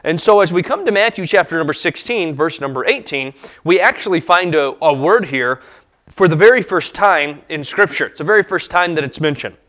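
A man in his thirties preaching a sermon as pastor, pausing often with fillers and restarts. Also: on the high side, animated, a bit bright. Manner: halting, many fillers and restarts.

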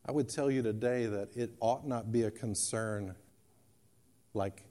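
A man's voice: fairly low pitch, measured pace, dark tone. A male pastor preaching a sermon, reading scripture and driving points home with emphatic repetition. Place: church sanctuary.

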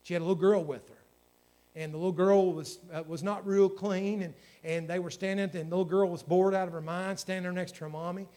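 A man's voice: sits high, fairly even intonation, fairly quick, warm tone. A man, a pastor preaching a sermon in a folksy storytelling way that builds to fervent exhortation.

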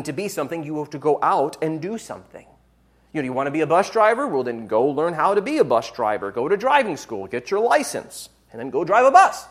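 An earnest preacher talks the listeners through a sermon, with a voice that rises and falls a great deal. The delivery is plain and teacherly, with now and then a quick self-correction mid-sentence. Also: medium pitch.

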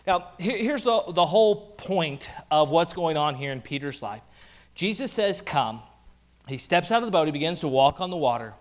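High-voiced man preaching a sermon. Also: normal speed. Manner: animated preaching with playful asides. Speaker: pastor.

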